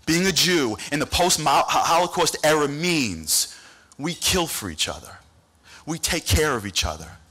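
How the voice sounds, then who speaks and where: A man giving an animated storytelling speech at a dinner event, acting out the people he quotes. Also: on the high side, a little slow, husky. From United States. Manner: animated, acts out quoted voices. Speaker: dinner speaker. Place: banquet hall event.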